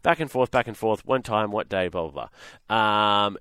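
A man's voice: on the low side, moderate pace, clean tone, no room sound, clean studio sound. An Australian man, a radio host, telling a rambling story in a casual, chatty way and filling the gaps with "blah, blah". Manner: animated, rambling retelling with "blah, blah".

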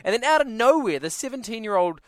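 A woman co-hosting a podcast in casual chat, telling a story with lively acted-out quotes. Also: fairly high pitch, fast talker, no room sound, studio quality. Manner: animated storyteller, acts out quotes. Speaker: podcast co-host.

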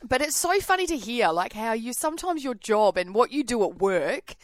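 A woman's voice: on the high side, very animated, normal speed, dry recording, studio quality. A woman co-hosting a breakfast radio show, chatty and laughing often. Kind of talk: casual radio banter.

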